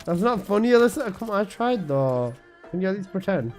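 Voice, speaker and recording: Young man, high-voiced, joking streamer. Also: sing-song, fairly quick, darkish tone, soft background music. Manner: joking, crude, slangy, laughs at own jokes. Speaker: game streamer. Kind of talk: casual live-stream chat.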